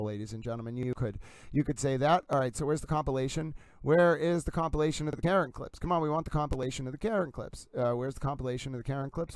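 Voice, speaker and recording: A man hosting a livestream with theatrical, effusive commentary who keeps addressing his audience as ladies and gentlemen. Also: fairly high pitch, clear, resonant tone, no room sound. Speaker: livestream host.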